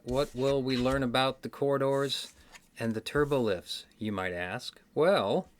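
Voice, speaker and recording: A man with a Midwestern accent hosting a casual trivia video, rambling and correcting himself with wry asides. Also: mid-range voice. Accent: Midwestern American. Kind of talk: casual solo chat to camera. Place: indoors, card game stack behind him.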